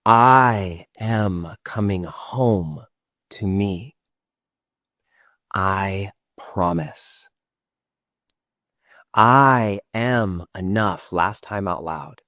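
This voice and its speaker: A man speaking affirmations in a slow, soft, unvoiced whisper as whispered role-play. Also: fairly low pitch, dry recording, studio quality.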